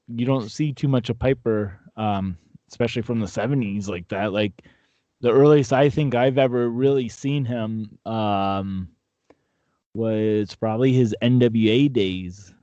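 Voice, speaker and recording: A man's voice: medium pitch, moderate pace, warm tone, no room sound, highs cut off. A man co-hosting a wrestling podcast, chatting casually and often stumbling over repeated words. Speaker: podcast co-host. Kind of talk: casual chat.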